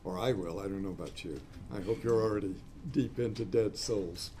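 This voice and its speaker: A man with a mellow, warm voice gives a classroom lecture. He talks in a discursive way, adds asides, and spells out key terms letter by letter. There is a faint hiss behind him. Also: on the low side, brisk.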